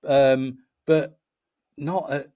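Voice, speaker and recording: A man's voice: mid-range voice, steady tone, very slow, mellow. A middle-aged man, a festival promoter chatting as a guest and telling stories passionately, with many restarts. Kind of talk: casual chat.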